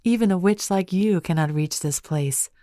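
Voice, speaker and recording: A woman voicing an ancient female phoenix spirit in an audiobook, speaking calmly and formally. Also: on the low side, normal speed, dry recording, clean studio sound, lightly acted.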